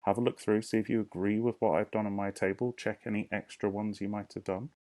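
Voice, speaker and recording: A man teaching a recorded lesson to young children, speaking slowly and encouragingly and sounding words out clearly. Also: on the low side, fairly even intonation, warm tone. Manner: invites children to say words along with him. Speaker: primary school teacher.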